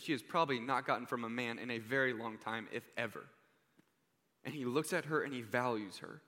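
A young man preaching an earnest, heartfelt sermon, his voice bright and forward. He often sinks to a hushed tone to land a point. Long reverb from the hall trails behind every line. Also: medium pitch.

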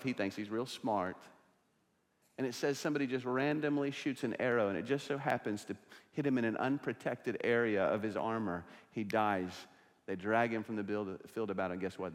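A man preaching a sermon as pastor, emphatic and dropping his voice low for quoted figures. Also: brisk. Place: church sanctuary. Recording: long church reverb.

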